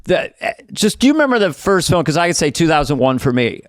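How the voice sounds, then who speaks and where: Male host, slightly high voice, resonant, dry close sound, playful questions. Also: big pitch swings, no echo. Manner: playful, quick interjections and teasing questions. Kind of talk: casual chat.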